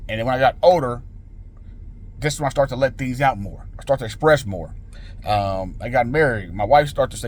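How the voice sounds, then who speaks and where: A man's voice: medium pitch, quick pace, slight background noise. A man in his forties hosting a motivational channel, talking earnestly and informally about letting go of emotions. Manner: earnest, repetitive, informal slang. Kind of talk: casual motivational monologue.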